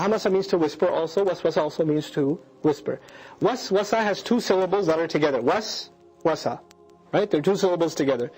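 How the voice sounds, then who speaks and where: A man with a high, light voice gives an animated religious lecture, asking his listeners rhetorical questions as he goes. He recites verses and then translates them. Faint music sits quietly underneath. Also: poor audio. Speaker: Quran lecturer.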